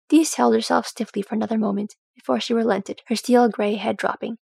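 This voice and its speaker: A woman narrates a fantasy story in a steady, measured way. Her voice is heavily gravelly and husky. It sounds close and dry, with no room around it. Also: mid-range voice, no echo. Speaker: audiobook reader. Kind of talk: storybook narration of fan fiction.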